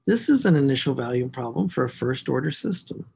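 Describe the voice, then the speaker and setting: A man's voice: mid-range voice, brisk, gravelly, breathy edge. A man teaching a math class, working through equations aloud and stressing key words as he writes. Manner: talks to himself while writing equations, animated emphasis. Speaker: math instructor. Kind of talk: recorded class lecture.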